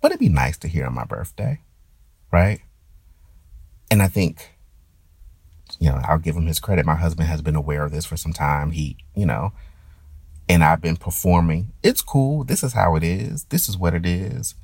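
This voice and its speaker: A man's voice: low-pitched, lively intonation, normal speed, long pauses, a little mellow, husky, no room sound. A man talking through his feelings in a reflective personal monologue, hesitant and often stammering as he restarts his thoughts. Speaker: performer.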